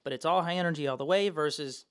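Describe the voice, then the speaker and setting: A man's voice: a little high, quick pace, no room sound, clean studio sound. Profane rambling man. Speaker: podcast co-host. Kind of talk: casual chat.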